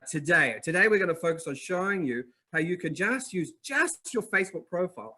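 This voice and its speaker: Here a webinar host with a New Zealand accent leads a live online masterclass, chatting directly with viewers. He sounds energetic and upbeat, his voice pitched fairly high.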